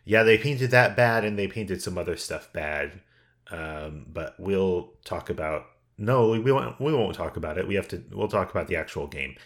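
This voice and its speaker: A man's voice: low voice, lively intonation, moderate pace, a bit bright. A man co-hosting a casual podcast chat, talking in a meandering way and often restarting his thoughts. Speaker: podcast co-host.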